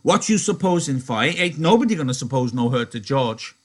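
A man voicing a huge, simple-minded farmhand who stammers and pleads in a high voice. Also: huge pitch swings, measured pace, fairly bright tone, slightly rough, full character voice. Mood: agitated. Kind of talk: reading a novel aloud in a lesson.

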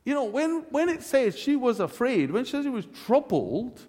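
A male preacher delivering a jokey, animated sermon, his high voice swooping all over the place. It rings out with a long reverb in a large church. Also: moderate pace. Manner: jokey, animated, self-laughing asides. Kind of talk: humorous sermon.

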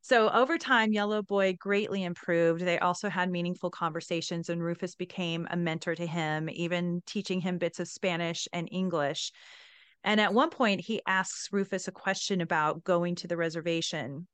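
A woman's voice: on the low side, steady tone, normal speed, fairly bright tone, clear, resonant tone, no room sound. A woman hosting a podcast, retelling a novel with enthusiasm and reading excerpts. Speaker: podcast host. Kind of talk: storytelling reading with commentary.

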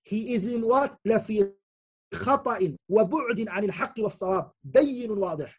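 Man, Islamic teacher, Quran commentary lecture, husky voice, explanatory, repeats for emphasis. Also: high voice, expressive, normal speed. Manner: explanatory, checks in with "okay?"; repeats key phrases for emphasis.

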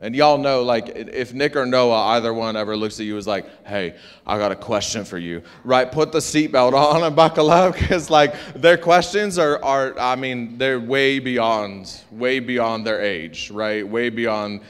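A man preaching a sermon, animated and joking, with call-and-response asides to his congregation. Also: mid-range voice, a little slow, few pauses, clean tone. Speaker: pastor. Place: church sanctuary. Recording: long hall reverb.

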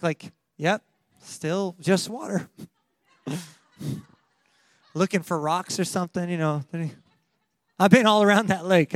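A man preaching a sermon, animated and laughing often, acting out quotes from the story as he goes. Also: high voice, no room sound. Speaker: pastor.

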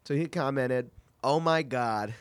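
A man's voice: mid-range voice, measured pace, clean tone, no room sound. A man who is sick, telling a rambling, profane story in casual chat. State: sick, voice cracking.

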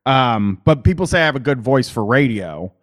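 A man's voice: mid-range voice, animated, normal speed. A man with a Midwestern accent hosting a call-in show, rambling and casual, with plenty of fillers and swearing. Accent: Midwestern American. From Columbus, Ohio.

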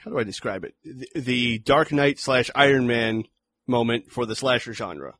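A man's voice: mid-range voice, normal speed, no room sound. Male podcast co-host, casual film chat, blunt and profane. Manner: blunt, swears casually, animated asides.

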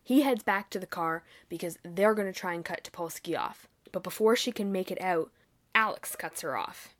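A woman hosting a podcast, recapping a TV episode in a chatty way and acting out bits of dialogue. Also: on the low side. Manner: chatty, acts out dialogue in quick bursts. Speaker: podcast host.

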